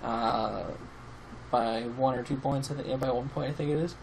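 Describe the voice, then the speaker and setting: A man casually talking through a game team he has built, rambling with many pauses and fillers, and sounding sleepy. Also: medium pitch, fairly even intonation, vocal fry, a little hiss or hum, low-quality recording. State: sleepy, yawning. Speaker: YouTube team-building host. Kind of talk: casual commentary over gameplay.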